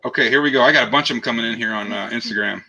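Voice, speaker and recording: Bright, goofy male stream host. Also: medium pitch, rapid-fire, creaky, rough recording. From half Mexican heritage. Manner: goofy, self-mocking, adds rimshot sound effects. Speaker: host of a live joke stream. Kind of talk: casual live-stream banter.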